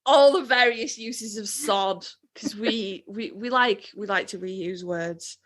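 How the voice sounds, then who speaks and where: A woman's voice: medium pitch, slow pace. Give me a candid British woman chatting. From Britain. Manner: candid, swears, laughs through her words. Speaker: podcast co-host. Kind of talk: casual chat.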